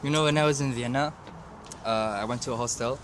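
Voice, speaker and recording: A young man from Korea, a university student, telling a story in a relaxed way with lots of "like" fillers. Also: medium pitch, fast, slight background noise. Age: young adult. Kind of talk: casual storytelling chat. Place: outdoors in a city.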